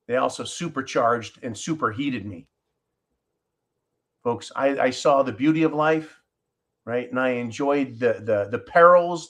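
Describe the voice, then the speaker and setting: A man hosting a live stream, talking passionately and emphatically to his viewers, swearing freely and calling them folks. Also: medium pitch. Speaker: live show host.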